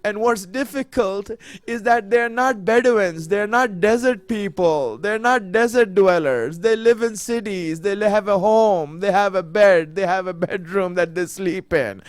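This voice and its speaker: A man preaching an emotional sermon, repeating his phrases and building to near-shouts. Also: high-pitched, a little slow, clean tone, no echo.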